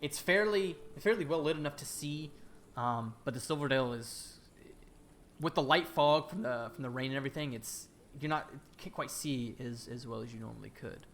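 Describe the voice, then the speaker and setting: A man narrating as game master of a tabletop fantasy game, halting and full of fillers and restarts. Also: mid-range voice, fairly bright tone, a little hiss or hum.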